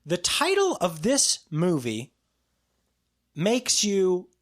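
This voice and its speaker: Lively, rambling male podcast host. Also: high-pitched, very slow. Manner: rambling, with frequent restarts and mimicked quotes. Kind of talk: casual chat.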